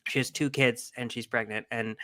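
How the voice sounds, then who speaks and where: Bright-voiced man telling stories, laughing. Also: mid-range voice, normal speed, no echo, studio quality. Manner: animated storyteller, laughs often. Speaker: podcast co-host. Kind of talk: casual chat.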